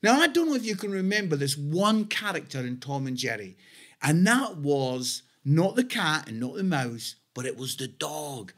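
Chatty Scottish man telling stories. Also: on the high side. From Scotland. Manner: chatty, humorous, animated storytelling. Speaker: church speaker. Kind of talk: storytelling sermon talk. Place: church online broadcast.

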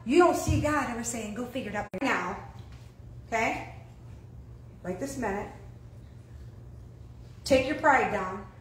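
A woman pastor preaching a sermon, animated and throwing questions out to her congregation. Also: a little high, unhurried, pauses often, echoey room, rough recording.

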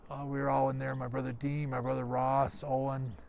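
A gravelly older man from Canada reminisces about his childhood, rambling and restarting his sentences as he goes. He speaks at a middle pitch, recorded outdoors with faint noise in the background. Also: completely flat delivery, a little fast, darkish tone. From Calgary, Canada. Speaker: guest giving a tour. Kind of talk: casual storytelling.

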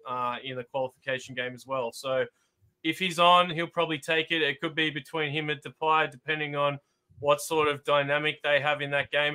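A man with an Australian accent, guesting as a football analyst, talking through stats in a measured way with many "um"s. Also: a little high, bright, forceful tone. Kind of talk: casual chat.

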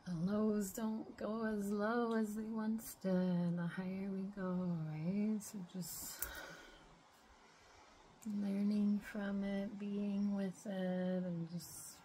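A young woman talking to camera in a casual, reflective spiritual vlog, rambling with lots of "like" and sometimes dropping to a soft whisper. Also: medium pitch, little pitch movement, slow, slight background noise. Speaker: spiritual vlogger.

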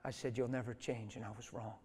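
A man voicing a gruff, scornful older father-in-law, quieter and lower, in an echoey hall. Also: little pitch movement, a little fast, a little hiss or hum, lightly acted.

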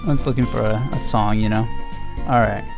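A young man streaming a game, rambling in a mock-mournful way and filling pauses with lots of ums. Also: lowish voice, fairly even intonation, vocal fry, music in the background. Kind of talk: casual let's-play commentary.

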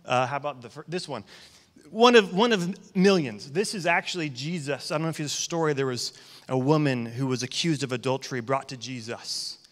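A man's voice: mid-range voice, a little fast. A man in his thirties preaching a sermon as pastor, telling stories in a conversational, joking way. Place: church hall. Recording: long hall reverb.

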